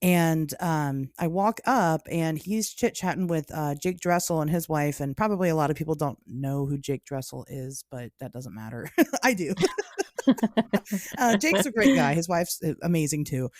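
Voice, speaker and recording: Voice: medium pitch, animated, normal speed, no echo. A podcast co-host with a mid-range voice tells a story in casual chat. The delivery is hesitant and full of restarts. The sound is dry. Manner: hesitant, lots of ums and restarts.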